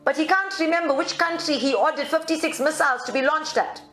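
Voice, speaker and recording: A woman's voice: high-pitched, quick pace, fairly bright tone, soft background music. A woman from South Africa leading a group in a channeled spiritual talk, reflective and at times heated. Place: meditation centre room. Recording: roomy live recording.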